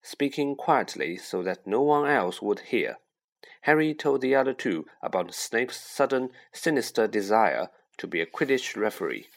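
A man narrating an audiobook in a measured, expressive way. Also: mid-range voice, vocal fry.

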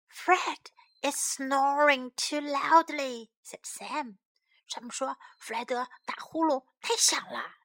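A woman reading a children's story aloud, giving each English line and then its translation, with lively voices for the characters, and later repeating English phrases slowly for young learners. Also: high voice, dry recording.

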